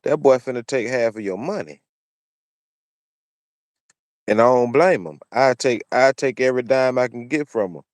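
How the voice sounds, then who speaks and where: In a dry recording, a man of medium pitch gives animated commentary at a moderate pace, broken by long pauses. As host of a commentary channel, he sermonizes and repeats phrases again and again to drive his opinions home.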